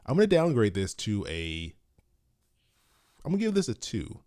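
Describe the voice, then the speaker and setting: A man's voice: fairly low pitch, huge pitch swings, moderate pace, a little mellow. A man co-hosting a casual podcast chat, who explains things at length and laughs often. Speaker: co-host.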